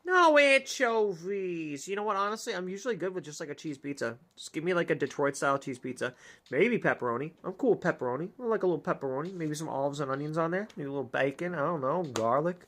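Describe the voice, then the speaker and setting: A woman's voice: low-pitched, lively intonation, fast. A young woman streamer giving goofy, joking commentary while reading a dating game aloud. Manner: goofy, reads dialogue aloud, swears and jokes. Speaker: gaming streamer. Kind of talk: casual let's-play commentary.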